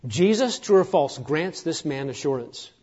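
A man preaching a sermon, emphatic and rousing, sometimes dropping to a hushed near-whisper. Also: fairly high pitch, lively intonation, normal speed, husky, lo-fi sound. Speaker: pastor.

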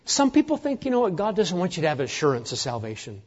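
A high-pitched man delivers a sermon with rising emphasis, then drops low for hushed moments. The recording is slightly muffled, with a dull edge to the sound. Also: huge pitch swings, fast, husky. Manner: emphatic preaching, swinging from loud declarations to hushed near-whispers. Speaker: pastor.

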